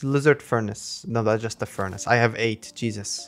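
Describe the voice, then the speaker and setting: A young man chatting through a let's play, breaking into high yelps and shrieks when danger hits. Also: steady tone, normal speed, soft background music. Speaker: gaming channel host.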